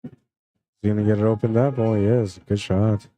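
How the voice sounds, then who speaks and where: A man commentating a live pool tournament stream in a relaxed, friendly way, reading out chat comments between shots. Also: lowish voice, moderate pace, dull audio. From Canada.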